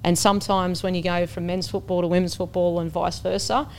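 A woman's voice: lowish voice, brisk, a little hiss or hum. A woman on a sports panel, making her point with conviction and energy. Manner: animated, argues with conviction. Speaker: panelist, former player. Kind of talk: casual panel chat.

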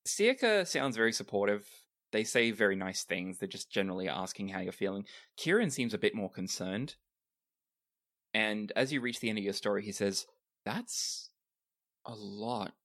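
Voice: low-pitched, moderate pace. A game master narrating a tabletop game and voicing the characters the party meets. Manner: lively, voices several characters.

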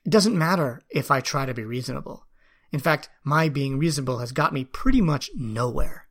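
A man who teaches, talking through his own reactions in an earnest, self-questioning way, pausing and restarting as he thinks. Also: medium pitch, animated, fairly bright tone. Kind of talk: reflective personal talk.

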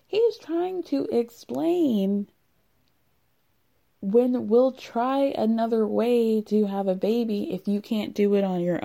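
Woman host for a chatty, sardonic recap with a mellow, warm tone. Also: mid-range voice, creaky. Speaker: reality TV recapper. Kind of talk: casual commentary.

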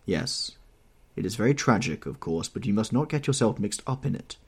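A suave, cynical aristocrat, as a man reads him in an audiobook, with a low, husky voice that rises and falls in a lively way. He talks in an offhand, drawling manner. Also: normal speed. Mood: urbane. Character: worldly, cynical aristocratic English gentleman. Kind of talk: audiobook character reading.

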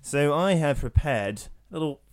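A man hosting a podcast, chatting casually with sardonic jokes and quick asides. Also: fairly high pitch, animated. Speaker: podcast host. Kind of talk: casual chat.

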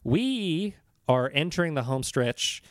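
A man co-hosting a comedy podcast in casual chat, sarcastic and quick to swear. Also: fairly high pitch, sing-song, slight background noise. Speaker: podcast co-host.

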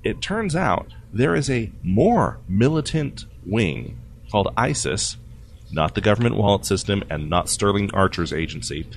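A man hosting a casual tech news podcast, jokey and quick to laugh as he runs through the stories. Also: lowish voice, creaky, slight background noise. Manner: jokey, animated, laughs often. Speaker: podcast host.

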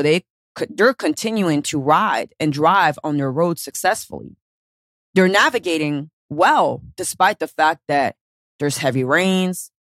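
A woman with a fairly low voice delivers a motivational podcast monologue, coaching listeners in a blunt, casual way. She swears freely and tells her points as animated little stories. The sound is close and dry, with no room around it. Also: no room sound. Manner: casual, profane, animated storytelling. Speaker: podcast host and weight-loss coach.

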